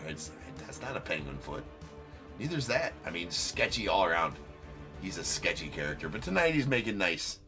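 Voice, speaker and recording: A man hosting a live card-breaking stream, joking and teasing a viewer as he gives casual commentary. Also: low voice.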